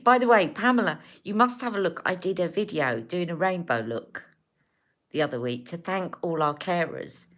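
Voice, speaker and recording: Woman, beauty livestream host, chatty and warm with viewers, slightly low voice, speaks into a phone or webcam. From United Kingdom. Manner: chatty, affectionate, emotional, rambling. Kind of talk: casual livestream chat with viewers.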